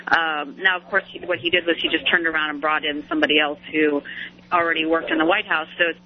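A woman speaking as a political commentator guest on a radio talk show, rapid and full of fillers and restarts, heard over a phone line. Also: sits low, fairly even intonation, a little hiss or hum.

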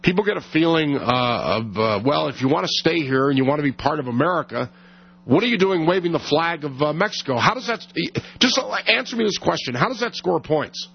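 A man hosting a heated call-in debate on the radio, his voice hoarse, husky and gravelly. He interrupts and repeats himself as he presses his point, pitched a little high for a man. The sound is a muffled, lo-fi broadcast. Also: expressive, fairly quick. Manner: combative, interrupting, stammering restarts. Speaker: radio talk show host.

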